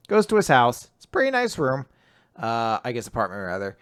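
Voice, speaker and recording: A man's voice: on the low side, brisk. A man co-hosting a podcast, chatting casually and acting out character dialogue in voices. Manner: animated, acts out dialogue in voices. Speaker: podcast co-host. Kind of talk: casual chat recapping comics.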